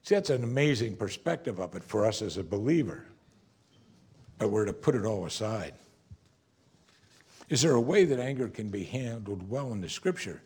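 A man's voice: lowish voice, sing-song, normal speed, pauses often, a little mellow, husky. A man preaching an earnest sermon, raising and dropping his voice for emphasis. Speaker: pastor.

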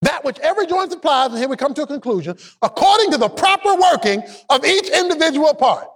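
A man preaching with a high, lively voice that climbs into shouts and then drops low. He calls on the congregation to repeat his words to their neighbors. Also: fast talker, few pauses. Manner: emphatic preaching, swinging between shouted peaks and low asides; call-and-response, has the congregation repeat lines. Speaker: pastor. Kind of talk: sermon.

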